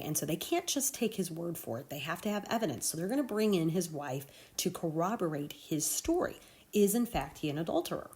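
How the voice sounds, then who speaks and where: A woman's voice: deep voice, a little mellow. A woman teacher talking students through a play in a recorded lesson, conversational and often checking in with "okay?".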